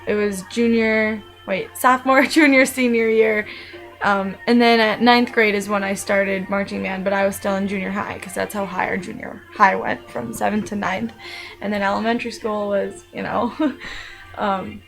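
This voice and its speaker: A woman's voice: mid-range voice, fairly even intonation, moderate pace, creaky, a bit bright, soft background music, rough recording. A young adult woman talking casually about her own life, rambling and chatty with many fillers and restarts. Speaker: vlogger. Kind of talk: casual personal monologue.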